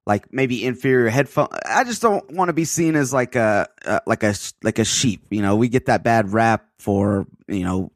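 Low-voiced man, laid-back podcast chat. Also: normal speed, hardly any pauses, dry recording, studio quality. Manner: laid-back, hedging, filler-heavy talk. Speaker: podcast co-host. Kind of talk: casual tech podcast chat.

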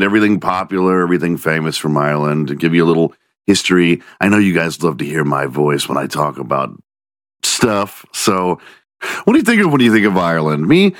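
A man from the United States talks through a solo podcast in a loose, rambling way, cracking crude jokes and swearing freely. His voice sits very low, and the sound is dry and close, with no room around it. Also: dry recording. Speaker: podcast host. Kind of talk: casual solo podcast monologue.

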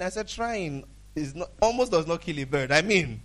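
A man's voice: a little high, lively intonation, unhurried, pauses often, a bit bright. A man preaching a sermon as a pastor, talking in a conversational way, acting out dialogues and laughing often.

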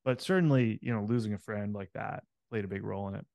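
A man's voice: lowish voice, fast talker, gravelly, darkish tone, dry recording. A man hosting a podcast, telling a personal story in a candid, reflective way with frequent fillers. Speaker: podcast host.

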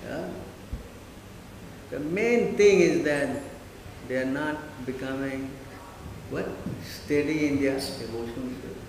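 A man's voice: mid-range voice, slow, long pauses, slight background noise. A man giving a devotional class, emphatic and full of rhetorical questions, checking often that listeners understand. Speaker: spiritual teacher. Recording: echoey hall.

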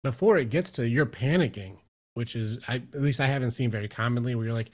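A man in casual podcast conversation, sharing personal experience in an easygoing, animated way. He slips into quick acted-out bits of his own inner voice, and his pitch sits in an ordinary middle range. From Michigan, US. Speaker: podcast guest, mindset coach. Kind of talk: casual interview chat.

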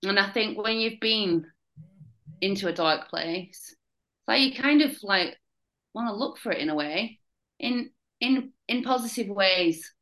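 A young woman with a Northern English accent and a mid-pitched voice, chatting candidly as a podcast guest. She speaks bluntly and openly, with a dark, laughing edge to how she talks. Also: expressive, measured pace, rough recording. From Northern England. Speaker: guest, fitness coach. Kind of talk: casual chat.

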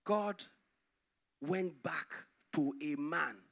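A male pastor preaching a sermon, dramatically swinging from loud to hushed. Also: fairly high pitch, drawn-out words, gravelly.

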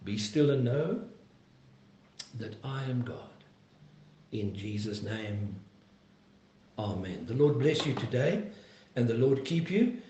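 A man pastor preaching a sermon and praying, earnest and emphatic, slowing down to plead. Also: medium pitch, animated, mellow, echoey room, a little hiss or hum. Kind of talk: sermon and closing prayer.

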